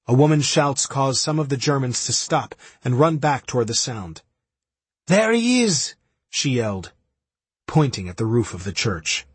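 A man narrates a wartime history in a grave, measured way. His voice is very husky and breathy at a middle pitch. He was recorded close on a dry, dead-sounding mic. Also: dry recording. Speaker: audiobook narrator. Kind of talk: scripted narration.

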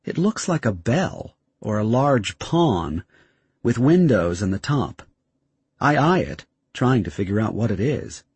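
Husky, dry-sounding male narrator for a tense first-person story. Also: on the low side, big pitch swings, measured pace, darkish tone, no room sound. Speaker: audiobook narrator.

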